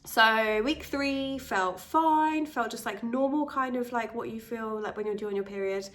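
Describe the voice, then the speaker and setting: A woman's voice: a little high, a little slow, a bit bright. A British woman vlogging a candid, rambling pregnancy update to camera while stuffed up with a cold. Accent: British English. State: congested with a cold. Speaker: vlogger and fitness instructor. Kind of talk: casual pregnancy update vlog.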